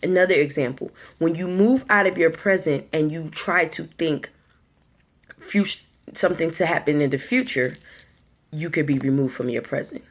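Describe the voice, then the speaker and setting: A woman giving an earnest motivational talk, repeating herself and restarting words as she goes. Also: sits low. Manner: acts out anxious inner voices in quick asides. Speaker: motivational speaker.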